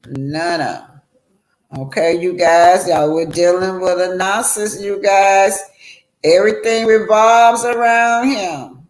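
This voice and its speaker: A woman's voice: fairly low pitch, fairly even intonation, takes it slowly, echoey room, low-quality recording. A woman hosting a livestream, commenting emphatically and welcoming callers. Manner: emphatic, addresses viewers directly. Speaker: livestream host.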